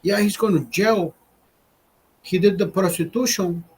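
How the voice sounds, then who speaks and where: A man's voice: unhurried, a little mellow, a little hiss or hum, rough recording. A man voicing a clueless male coworker who speaks broken English with a strong Spanish accent. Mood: insistent. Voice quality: broken English, high and earnest.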